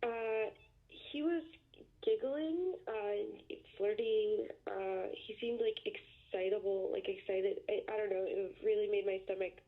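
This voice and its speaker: A young woman calls in by phone and answers haltingly, with many uhs. Her voice comes through a tinny phone line. Her pitch is middling. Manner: hesitant and halting. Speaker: caller on the phone. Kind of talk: phone call to a radio show.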